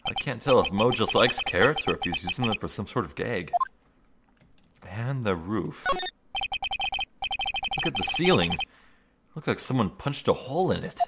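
A man's voice: fairly low pitch, huge pitch swings, unhurried, pauses often, heavy background noise, voice pushed down, exaggerated voice. A man as a dry, puzzled young lawyer. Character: puzzled young male defense attorney.

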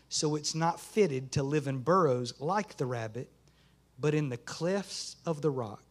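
A man, a pastor preaching a folksy sermon in a small church. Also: a little high. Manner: folksy Southern preaching, rising to fervent shouts.

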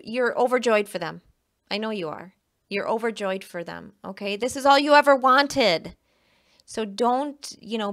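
Woman doing a tarot reading, keeps repeating herself, says okay a lot, mid pitch. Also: a bit bright. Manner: emphatic, repeats phrases, frequent "okay?". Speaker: tarot reader. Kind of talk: casual tarot reading monologue.

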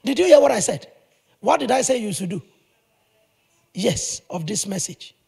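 A male pastor preaching a sermon in an animated, emphatic way, with sudden loud bursts. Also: high-pitched, normal speed, creaky, breathy edge.

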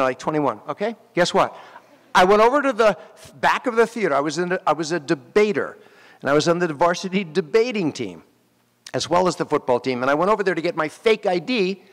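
A man, an actor, giving a graduation speech and telling animated stories straight to the graduates at the ceremony. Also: sits high. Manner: animated storytelling, addressing graduates directly. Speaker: commencement speaker. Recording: long hall reverb.

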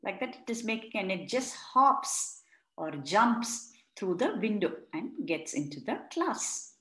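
A woman's voice: medium pitch, big pitch swings, measured pace. A woman leading an interactive read-along for children, explaining words and retelling each page. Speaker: storyteller. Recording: roomy echo.

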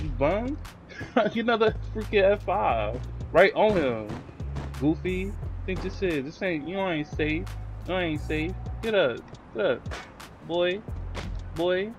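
Male gamer, let's-play commentary, excitable trash talk, lively pitch swings, slow drawl. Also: soft background music. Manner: excitable trash-talking, yelling at opponents. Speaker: gaming YouTuber.

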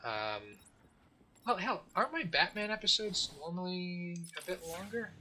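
A man's voice: high voice, animated, measured pace, bright, forceful tone, slight background noise. A man hosting a let's play, telling a long joke and chatting casually in a rambling way. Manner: rambling, joking storyteller with fillers and restarts. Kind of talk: casual gameplay commentary.

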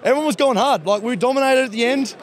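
An excited Australian man giving his thoughts on a match outdoors in a rambling way. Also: very high voice, quick pace. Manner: excited, rambling, thinks aloud. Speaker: football fan interviewee. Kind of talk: street vox pop. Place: outdoors by a stadium.

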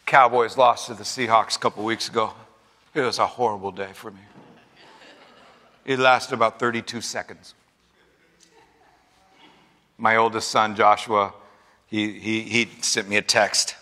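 A man's voice: fairly low pitch, steady tone, a little slow, pauses often, sharp tone, long reverb tail. A middle-aged man preaching a sermon, using repetition, humorous asides and rising fervor. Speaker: pastor. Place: large church sanctuary.

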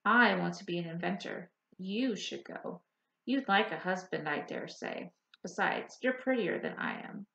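A woman's voice: fairly low pitch, very animated, unhurried, gravelly, bright, forceful tone, exaggerated voice. A woman voicing an eager, anxious young dreamer. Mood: protesting. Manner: earnest, pleading. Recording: roomy, slightly dull audiobook recording.

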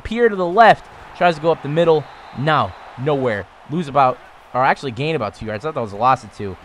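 A man in his twenties casually commentating on his own football video game, getting louder and higher on big plays. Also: slight background noise. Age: 20s. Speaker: gaming YouTuber.

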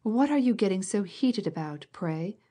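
A woman reading aloud, voicing a stout, stern elderly lady who scolds in a loud, commanding way in an audiobook. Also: mid-range voice, lively intonation, normal speed, close to an everyday voice. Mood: scolding.

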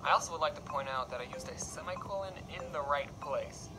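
A man's voice: on the high side, fairly quick, noisy background. A man reading aloud a story he wrote as a child and joking about it between lines, with a wry, mock-dramatic reading of the quotes. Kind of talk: comedic reading with commentary. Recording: loud background music. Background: loud music.

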